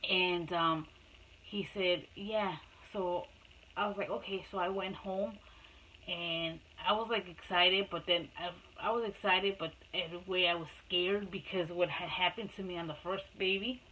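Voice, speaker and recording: A woman's voice: fairly low pitch, fairly even intonation, measured pace, bright, forceful tone, slight background noise, rough recording. Rambling woman telling a personal story. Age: adult mother. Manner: rambling, repeats herself, many restarts and fillers. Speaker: vlogger telling her life story. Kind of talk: casual storytelling to camera.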